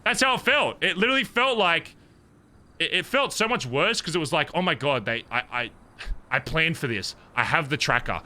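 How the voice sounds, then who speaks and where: A man's voice: a little high, animated, moderate pace, pushed and bright. A man staying in character during a roleplay conversation, venting in a heated, profane retelling. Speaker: streamer in character.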